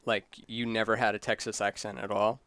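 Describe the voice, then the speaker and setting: A man in casual podcast chat, playful and quick to slip into comic voices. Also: on the low side, flat delivery, a bit bright, no echo. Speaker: podcast guest.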